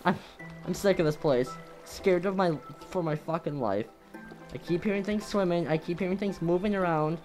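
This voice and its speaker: A gameplay commentator talking over their own play, jumpy and quick to swear, yelping at every scare. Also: mid-range voice, darkish tone, soft background music.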